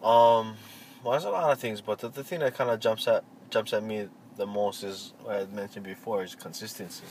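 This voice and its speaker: A man answering interview questions in a relaxed, reflective way, pausing often with fillers and restarts. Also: on the low side, poor audio. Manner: halting, many fillers and restarts. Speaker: interviewee, cultural practitioner. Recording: faint vehicle noise behind.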